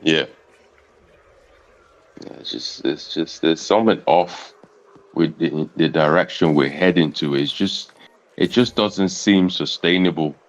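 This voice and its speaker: A man in a casual late-night chat who talks in a halting, reflective way, trailing off and repeating phrases as he searches for words. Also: a bass voice, dull audio.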